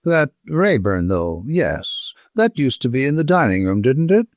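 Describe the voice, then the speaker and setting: A man voicing a nervous, bewildered middle-aged gentleman who speaks in halting, distracted bursts. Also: medium pitch, very animated, no echo, clean studio sound.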